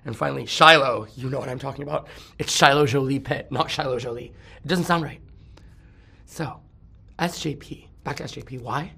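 Campy gravelly man gossiping. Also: medium pitch, brisk, pushed and bright. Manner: campy, rambling, sings snatches and laughs often. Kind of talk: casual celebrity gossip chat.

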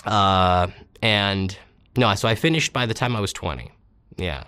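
A man's voice: on the low side, a little slow, sharp tone, smooth, no room sound. A man in his thirties, an interview guest, telling rambling stories with self-deprecating humor. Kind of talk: casual storytelling interview.

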